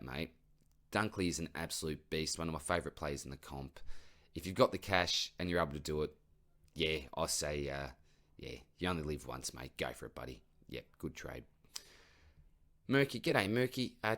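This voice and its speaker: A young adult man with an Australian accent, casually reading out viewer comments and answering them, calling everyone mate and buddy. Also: low voice. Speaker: fantasy football YouTuber.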